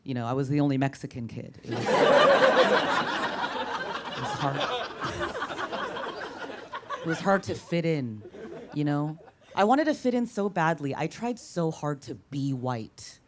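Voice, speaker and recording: A deep-voiced female comedian from Orange County doing playful, self-deprecating crowd work on a comedy club stage with a handheld mic. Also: expressive, measured pace, long pauses. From Orange County, California. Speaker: stand-up comedian. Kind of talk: stand-up comedy set. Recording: live club with audience noise.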